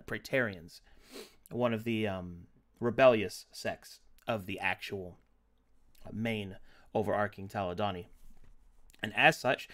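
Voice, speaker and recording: A man running a tabletop game as dungeon master, joking around and then narrating the recap. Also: mid-range voice. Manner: jokey, slips into a mock Australian accent. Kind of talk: casual chat and game narration.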